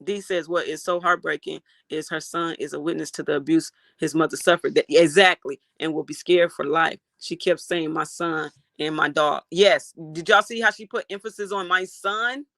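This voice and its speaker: An outraged livestream host reacts to a case and reads chat aloud, cursing freely. The voice is gravelly with a sharp, bright edge. It is recorded dry and close. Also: mid-range voice, moderate pace, few pauses, dry recording. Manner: animated, outraged, swears freely.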